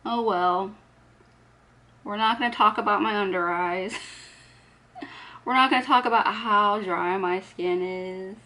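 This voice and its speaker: A woman in a relaxed get-ready-with-me chat, talking through her makeup as she applies it. She keeps up easy, self-deprecating chatter with an average, ordinary pitch. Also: takes it slowly, long pauses. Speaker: beauty vlogger.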